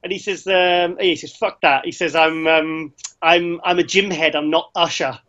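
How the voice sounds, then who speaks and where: Male co-host, high-voiced, chatty and excitable, lo-fi sound. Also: moderate pace. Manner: excitable storytelling, lots of restarts. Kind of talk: casual chat. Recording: slightly dull lo-fi sound.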